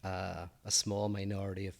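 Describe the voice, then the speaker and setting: A man with a low voice talks through ideas on a podcast. He hesitates often and fills the gaps with soft fillers as he works out each thought. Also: flat delivery, normal speed, creaky. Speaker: podcast co-host. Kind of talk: casual discussion of politics and philosophy.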